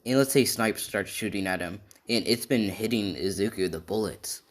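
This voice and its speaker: A man improvising a fan-made story out loud, chaining events loosely with many "and he says" links. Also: on the low side, normal speed.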